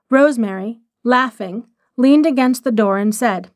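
A woman narrating a short story in a measured, expressive reading. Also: fairly high pitch, no room sound, studio quality.

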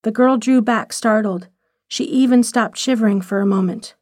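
A woman reading a short story aloud in measured, expressive scripted narration. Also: mid-range voice, dry recording, studio quality.

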